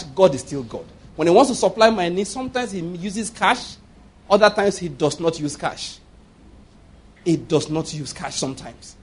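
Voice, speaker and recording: A Nigerian man preaching a sermon as a pastor, lively, with frequent laughter and mocking asides. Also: high-pitched, breathy edge.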